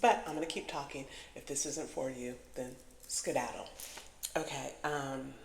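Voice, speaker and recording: A woman telling stories in a casual vlog monologue, animated, often laughing and swearing. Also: extremely low pitch, normal speed, creaky, a little hiss or hum. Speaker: vlogger. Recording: echoey room with long reverb.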